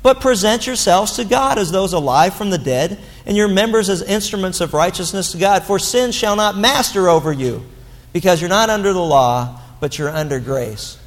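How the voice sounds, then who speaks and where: Male pastor with a high voice, preaching bluntly and animatedly in a reverberant church hall. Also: animated, normal speed. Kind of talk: sermon.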